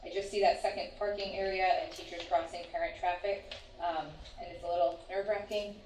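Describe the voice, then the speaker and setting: A woman's voice: on the low side, steady tone, a little fast, a little mellow, slight background noise. A woman on a committee raising concerns at a public meeting, hesitant and full of ums. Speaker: committee member. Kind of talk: meeting discussion. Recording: echoey room, far from mic.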